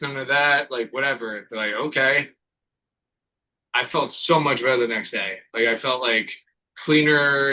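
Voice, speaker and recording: A man's voice: medium pitch, bright, forceful tone. A man hosting a podcast, chatting casually with lots of fillers. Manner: loose, filler-heavy talk. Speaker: podcast host. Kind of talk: casual chat. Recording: slightly dull lo-fi sound.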